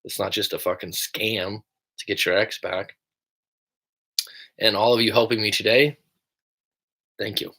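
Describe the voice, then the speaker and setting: A man's voice: lowish voice, steady tone, unhurried, pauses often, bright, forceful tone. Rambling American man, breakup coach. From United States. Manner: rambling, swears casually. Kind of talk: casual livestream chat.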